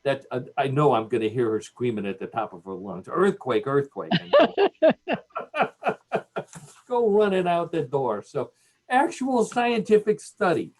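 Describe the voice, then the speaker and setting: A man's voice: mid-range voice, lively intonation, moderate pace, darkish tone. A man with a Cleveland accent hosting a radio show, joking and laughing at his own jokes. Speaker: radio host. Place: radio studio.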